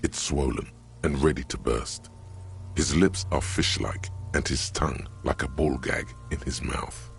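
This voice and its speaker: A man narrating a video game in a measured, grim, gravelly voice. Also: soft background music, exaggerated voice. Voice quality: gravelly, deep.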